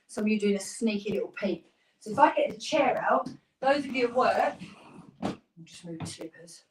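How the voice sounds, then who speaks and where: A woman's voice: fairly high pitch, roomy sound, far from the mic, rough recording. Upbeat woman coaching a workout class. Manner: encouraging, upbeat coaching with counting and cues. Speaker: fitness instructor. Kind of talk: live workout class instruction.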